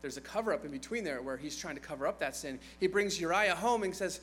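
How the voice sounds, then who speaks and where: A man's voice: on the high side, animated, quick pace, few pauses, fairly bright tone, slight background noise, poor audio. A man preaching a sermon in a conversational way, retelling scripture with playful asides.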